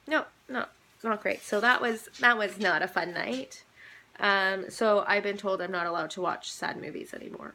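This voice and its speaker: A woman's voice: mid-range voice, steady tone, a little slow, sharp tone, a little hiss or hum. A young woman vlogging in a casual, rambling chat, full of "like" and "um". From Canada. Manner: rambling, many "like"s and "um"s.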